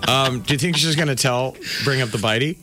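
A man hosting a morning radio show in casual chat, joking and animated, who often breaks into loud mocking impressions. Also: medium pitch, fairly quick.

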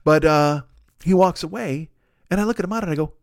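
A man's voice: a little high, a little fast, no room sound, clean studio sound. A man telling a long comic story, swearing freely and acting out every voice in the exchange. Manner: animated, swearing, acts out both sides of the dialogue. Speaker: podcast host.

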